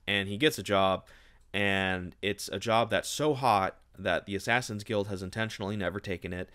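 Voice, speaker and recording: A man's voice: on the low side, normal speed, a bit bright, smooth. A young man giving a casual, sarcastic, exasperated book review, ranting and mocking as he retells the plot.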